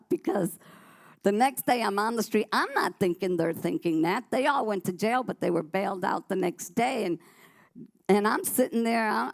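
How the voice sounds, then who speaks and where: On a church talk show, a woman shares her personal testimony, telling the story vividly and animatedly while frequently restarting her sentences. Her voice is mid-range with vocal fry.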